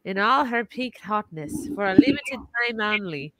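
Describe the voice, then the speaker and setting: A woman's voice: medium pitch, lively intonation, normal speed, a crowd in the background. A woman co-hosting a podcast, chatting in a playful, teasing way. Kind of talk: casual chat.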